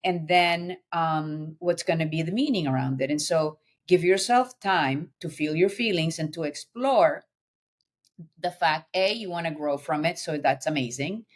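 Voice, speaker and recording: A middle-aged woman, a podcast guest, telling her personal story in an earnest, animated way with many fillers. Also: low-pitched, unhurried.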